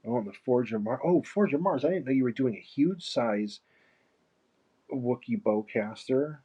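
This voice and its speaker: A man's voice: medium pitch, measured pace, warm tone, slightly rough. A man chatting casually and rambling while he paints on a live stream, laughing now and then. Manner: rambling, easygoing, laughs often. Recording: muffled lo-fi stream mic.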